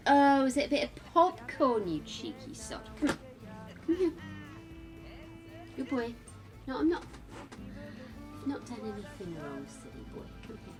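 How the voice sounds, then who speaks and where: A woman's voice: high-pitched, sing-song, a little slow, pauses often, over music. A British woman streaming gameplay in casual chat, cooing fondly at her dog and laughing often.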